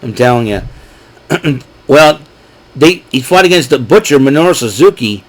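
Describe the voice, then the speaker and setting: A man hosts his own wrestling recap show, talking alone in a loose, casual way. He rambles, wanders into asides and fills pauses with lots of ums. His voice sits at an ordinary mid-range pitch. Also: lively intonation, rough recording. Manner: rambling, chatty, with frequent fillers and asides. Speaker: show host.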